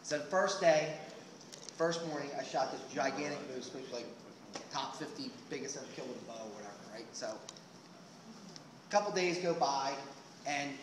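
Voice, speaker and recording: A man's voice: medium pitch, normal speed, pauses often, noisy background. Rambling male storyteller in an echoey room. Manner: rambling, full of "like" and restarts. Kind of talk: live comic storytelling.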